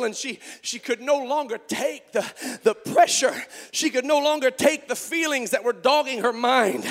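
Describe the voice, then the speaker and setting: A man preacher telling a story as a sermon, fervent, and building up to shouted appeals to the congregation. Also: very high voice, vocal fry, big-room sound.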